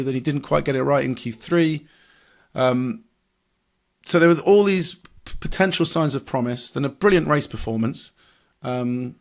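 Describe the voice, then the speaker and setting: A man, a motorsport journalist, explaining racing strategy in a podcast discussion, analytical with frequent fillers and restarts. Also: medium pitch.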